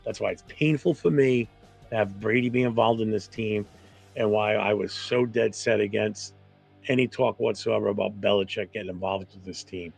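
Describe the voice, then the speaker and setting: A low, gravelly New England voice belongs to a man hosting a casual sports fan stream. He is blunt and opinionated and swears freely. Faint music plays behind him. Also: fairly even intonation, moderate pace, a little mellow. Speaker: fan show host.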